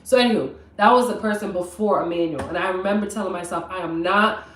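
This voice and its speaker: A young woman telling a personal story on a live stream, chatty and animated, talking straight to her viewers from her kitchen. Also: lowish voice, fast talker, distant mic, a little hiss or hum. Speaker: vlogger. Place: home kitchen. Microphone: camera mic at a distance. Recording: roomy, from off mic.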